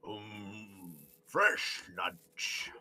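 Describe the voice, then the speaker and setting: A man voicing a hungry, slow and greedy giant toad in a tabletop game. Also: on the low side, very animated, bright, forceful tone, exaggerated voice.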